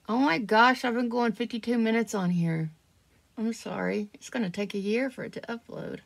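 A woman's voice: on the high side, moderate pace, gravelly. A woman, chatting casually and rambling while she does her make-up. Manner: chatty, rambling, self-deprecating. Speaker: vlogger. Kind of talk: casual get-ready-with-me chat.

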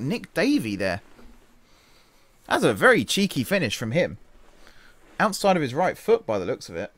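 A man streaming a football management game, giving chatty play-by-play, laughing at his own slips and sounding tired from an early start. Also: no room sound. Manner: chatty, self-correcting, quick laughs, shifts from excited to low mutters. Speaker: gaming streamer. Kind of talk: casual game commentary.

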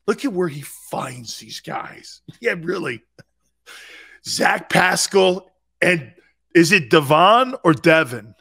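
A man hosting a sports talk show, ranting with mocking disbelief. His voice sits high and swings widely in pitch. He takes his time, stretching out the words in a slow, drawn-out delivery. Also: vocal fry, slightly rough. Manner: mocking and incredulous, breaking into laughter and shouted outbursts.

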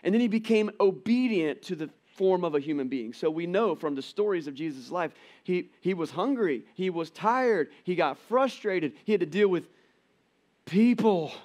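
A middle-aged man giving a conversational church sermon, telling the story with animated quoted voices. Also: high-pitched, normal speed. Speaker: pastor. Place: church auditorium.

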